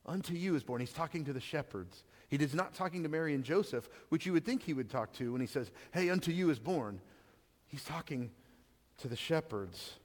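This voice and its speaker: A man's voice: fairly high pitch, lively intonation, fairly quick. Man preaching in a reverberant hall. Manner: conversational preaching with repeated restarts and rhetorical questions. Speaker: pastor. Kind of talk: sermon.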